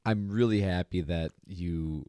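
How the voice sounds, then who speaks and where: A man's voice: sits low, a little slow, mellow, clear, resonant tone, no room sound. A man with a Midwestern American accent co-hosting a podcast in casual chat, making dry, joking asides. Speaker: podcast co-host.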